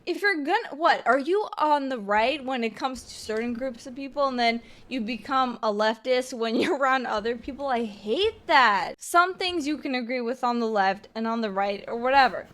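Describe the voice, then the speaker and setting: A woman venting indignantly about a falling-out with friends, talking rapidly with giggly asides. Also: fairly high pitch, a bit bright. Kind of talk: venting to camera.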